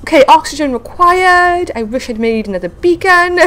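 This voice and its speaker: A woman hosting a casual game video, chatting excitedly to viewers and talking to the creatures she meets. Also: high-pitched, moderate pace. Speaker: gaming video host. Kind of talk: casual let's-play commentary.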